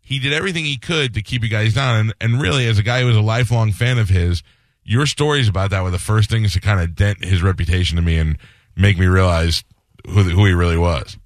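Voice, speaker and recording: Lowish dry-voiced radio host storytelling. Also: male voice, quick pace, no echo. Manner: animated storyteller acting out quoted voices. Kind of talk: casual storytelling interview.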